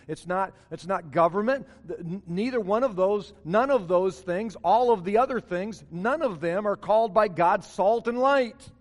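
A man's voice: high-pitched, long reverb tail. A man preaching a morning sermon as pastor, stressing key phrases by repeating them.

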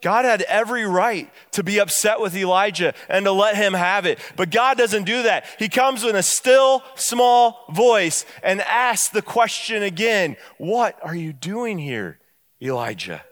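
Pastor, male, high voice, emphatic sermon delivery with hushed drops and quick storytelling runs. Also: big-room sound. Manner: emphatic preaching, dropping soft and low on key phrases; bursts of quick storytelling between slow, stressed lines. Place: church.

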